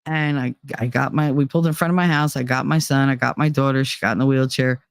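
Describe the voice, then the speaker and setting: Woman podcast host, low voice, dry close sound, swears freely and laughs through her stories. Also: fairly even intonation, quick pace, smooth, dry recording. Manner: candid and profane, laughing between lines. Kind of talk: casual personal storytelling.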